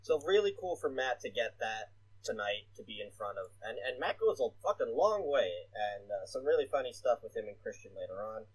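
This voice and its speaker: A man's voice: medium pitch, very animated, fairly quick, husky, low-quality recording. A man co-hosting a casual podcast, rambling with lots of "uh" fillers and casual swearing. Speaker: podcast co-host. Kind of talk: casual wrestling podcast chat.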